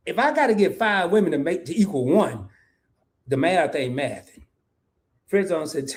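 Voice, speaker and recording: A man's voice: fairly high pitch, lively intonation, fairly quick, a little mellow. A man, hosting a casual livestream, reading comments aloud, laughing often and repeating lines for emphasis. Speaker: host of a live talk stream.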